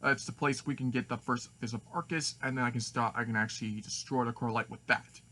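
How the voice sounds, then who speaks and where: A man's voice: mid-range voice, steady tone, brisk, sharp tone, a little hiss or hum, lightly acted. A man speaking as a scheming male villain.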